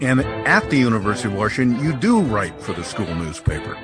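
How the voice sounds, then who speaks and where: Lively-voiced male interviewer. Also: fairly low pitch, fast talker, loud music behind the voice. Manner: short encouraging replies and questions. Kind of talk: casual interview.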